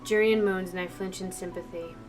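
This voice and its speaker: Woman streamer, reading a visual novel aloud, emotional, chatty asides, set-back mic, soft background music. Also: fairly low pitch, fairly even intonation, fairly quick, distant mic, low-quality recording.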